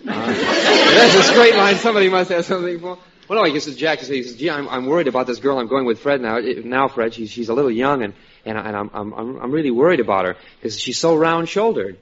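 A man pitching jokes on a radio panel, stammering and repeating "he says" as he retells each gag. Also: a little fast, fairly bright tone, slightly rough, some chatter behind. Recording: muffled old radio broadcast with studio audience.

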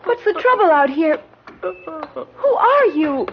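An actress playing a nervous, sharp-tongued young bride who turns from bitter sarcasm to frightened whispers. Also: female voice, extremely high pitch, sing-song, takes it slowly, heavily acted. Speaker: newlywed wife. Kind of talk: dramatic dialogue acting. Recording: muffled vintage recording with faint hiss.

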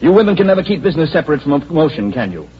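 Suave swindling company president, condescending, old radio drama, muffled lo-fi sound, faint hiss. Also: male voice, a little high, very animated, racing. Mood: mocking. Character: smooth, scheming male corporation president, mocking. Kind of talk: 1940s radio acting.

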